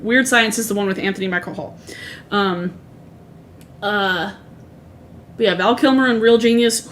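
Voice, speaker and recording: A woman's voice: mid-range voice, slight background noise. A woman in her thirties chatting casually on a livestream, rambling through asides and swearing freely. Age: 30s. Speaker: streamer. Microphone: streaming microphone.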